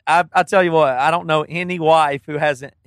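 A man's voice: fairly high pitch, fairly even intonation, brisk, a bit bright, clear, resonant tone, no room sound. A man co-hosting a podcast with dry, joking sarcasm in casual chat. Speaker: podcast co-host.

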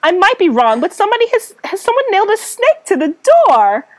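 A woman's voice: very high voice, big pitch swings, a little fast, darkish tone, pitched above the performer's own voice. A woman voicing a scornful rich young woman in a Valley Girl voice, haughty and exclaiming. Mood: snooty.

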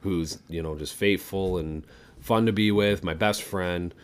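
A man's voice: low voice, fairly even intonation, measured pace, smooth. A man voicing a stranded man in a joke, hesitant and rambling as he makes his wishes. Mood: earnest. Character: stranded man, rich and wishful.

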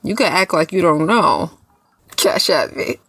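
A woman's voice: fairly low pitch, lively intonation, unhurried, fairly bright tone, breathy edge, dry recording. A woman co-hosting a podcast, talking bluntly in casual slang with some cussing and joking. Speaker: podcast co-host. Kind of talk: casual chat.

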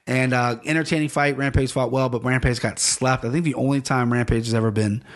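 A man's voice: mid-range voice, steady tone, a little fast. A man hosting a podcast in casual chat, rambling, correcting himself often and swearing freely. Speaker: podcast host.

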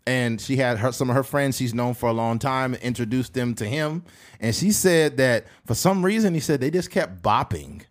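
A man hosting a podcast, chatting casually and telling stories, often mimicking other people in a higher voice. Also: normal speed. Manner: animated storyteller who mimics other people in high voices. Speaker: podcast host. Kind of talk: casual chat.

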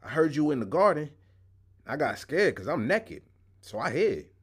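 A man's voice: mid-range voice, huge pitch swings, a little fast, pitched above the performer's own voice. A man voicing the first man as scared and shifting blame. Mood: defensive.

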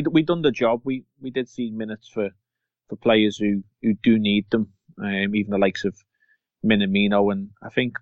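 A man co-hosts a casual football podcast, rambling with fillers and restarts. His voice is on the low side, with no room sound, and the lo-fi recording sounds dull.

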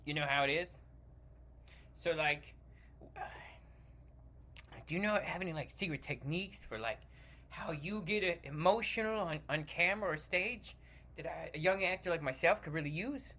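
A man's voice: fairly high pitch, normal speed, pauses often, sharp tone. A man voicing an eager, starstruck young male actor, gushing and stammering in a comedy sketch. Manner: gushing and stammering, full of 'like' and restarts.

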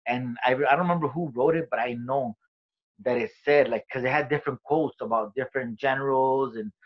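A man's voice: medium pitch, brisk. Guy telling his story in a podcast chat, cusses a lot, street talk, kinda dull lo-fi sound, mid voice. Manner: swearing, streetwise storytelling with quoted dialogue. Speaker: interview guest, comedian. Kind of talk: casual storytelling interview. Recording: dull lo-fi recording.

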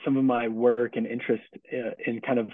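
A middle-aged man answering interview questions as a book's author, casual and halting, with many restarts and fillers. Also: mid-range voice, flat delivery, dry recording. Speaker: author and guest. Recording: tinny phone-like call audio.

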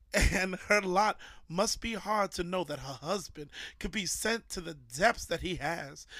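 A man's voice: high voice, pushed and bright, dry recording. Man putting on an indignant mock-Southern wife. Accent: mock old Southern lady. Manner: deliberately bad put-on accent. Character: melodramatic 1920s wife protesting her innocence. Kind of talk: dramatic reading on a podcast.

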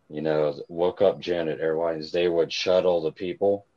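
A man with a very low, slow voice rambles through a casual chat, swearing freely and sounding earnest. The sound is dull and lo-fi. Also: darkish tone. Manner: rambling, swears a lot, earnest about aliens. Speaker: guest on a cannabis livestream chat.

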